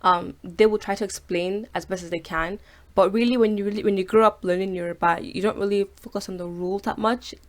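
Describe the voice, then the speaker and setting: A woman hosting a casual video language lesson. She slows down to say each word twice so learners can copy it, then chats loosely with fillers between examples. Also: mid-range voice, fairly even intonation. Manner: slows down and repeats each word to model pronunciation; chatty, with fillers. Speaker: language teacher and host.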